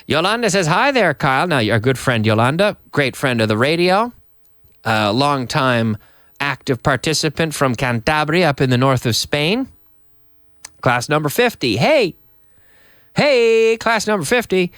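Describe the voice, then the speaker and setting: Animated guy teaching english live, voice jumps way up and down, super dry close mic. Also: a little high, a little slow, no room sound. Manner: lively, animated, reads viewer comments aloud. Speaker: English teacher and radio host. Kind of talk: live-streamed English lesson.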